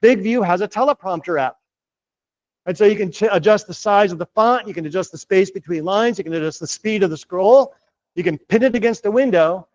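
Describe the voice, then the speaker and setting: A man's voice: sits high, brisk, a little mellow, poor audio. A middle-aged man coaching a live audience on real estate marketing, upbeat and chatty, often checking in with "right?". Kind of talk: live presentation to a room. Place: office meeting room.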